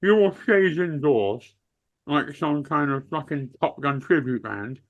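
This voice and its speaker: A man's voice: fairly high pitch, expressive, measured pace, dull audio. A man, co-hosting a podcast, teasing friends bluntly in casual banter. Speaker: podcast co-host asking questions.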